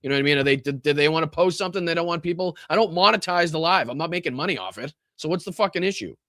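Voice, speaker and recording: A man hosting a live political podcast, ranting angrily and swearing, swinging between loud outbursts and low muttering, with a Boston accent. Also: racing, no room sound, clean studio sound. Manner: profane, exasperated, swings from shouting to muttering. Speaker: podcast host. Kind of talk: angry livestream rant.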